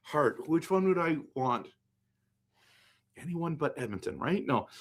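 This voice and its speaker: A man's voice: a little high, expressive, a little slow. A man from western Canada hosting a casual hockey live stream, thinking aloud as he picks and answers viewer comments. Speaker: hockey livestream host.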